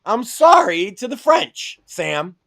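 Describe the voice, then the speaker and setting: Man, brash, profane, mocking, high-pitched voice. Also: very animated, slow pace, gravelly, pushed and bright. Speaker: podcast co-host. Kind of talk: crude comedic podcast banter.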